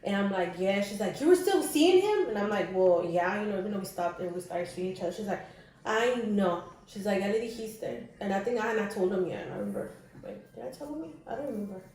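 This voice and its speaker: A woman's voice: mid-range voice, fast, darkish tone, heavy reverb, distant mic. A woman co-hosting a podcast, telling a personal story in casual chat and switching between English and Spanish. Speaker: podcast co-host.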